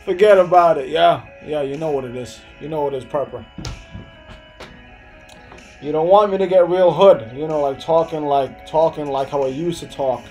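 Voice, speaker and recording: A man's voice: fairly high pitch, normal speed, dark tone, soft background music, poor audio. Laid-back young man. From Hempstead, New York. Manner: loose, rambling, laughs often, answers chat. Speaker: live streamer. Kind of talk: casual live-stream chat.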